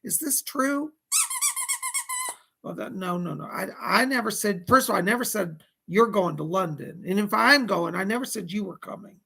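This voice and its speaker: Gravelly, husky-voiced chatty male host. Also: high voice, normal speed, sharp tone. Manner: chatty and fussy, scolding a pet companion and greeting viewers. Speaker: psychic livestream host. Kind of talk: casual livestream chat with viewers.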